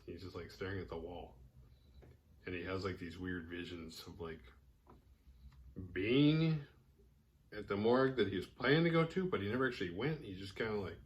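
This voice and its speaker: A man with a fairly low voice retells a horror film scene by scene in casual chat. He rambles, leans on fillers and jumps into the characters' lines as he goes. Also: animated, moderate pace, pauses often, slight background noise. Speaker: horror film podcast host.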